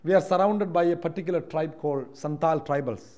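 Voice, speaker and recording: Emphatic high-voiced Indian preacher. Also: male voice, brisk. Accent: Indian English. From Kerala, India. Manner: swings from quiet reflection to loud emphatic preaching. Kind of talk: sermon. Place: church hall.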